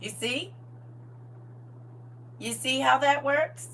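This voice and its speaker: Her voice high-pitched and her pace slow, a middle-aged woman livestreams a casual story to her viewers. She's animated and laughing, acting out the quoted lines. The mic is distant, with a faint hum in the background.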